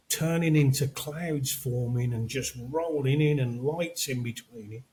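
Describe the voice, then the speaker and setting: An older man in easy podcast chat, spinning movie anecdotes at a steady everyday pitch. He slips into quoted lines as he tells the story. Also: poor audio. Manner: storytelling, acts out quotes from films. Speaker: podcast co-host. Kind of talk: casual chat.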